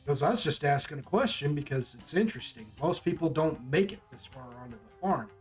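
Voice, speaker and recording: A man's voice: fairly high pitch, animated, a little fast, soft background music. Rambling game master man. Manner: rambling, laughing easily. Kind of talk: narrating a tabletop game.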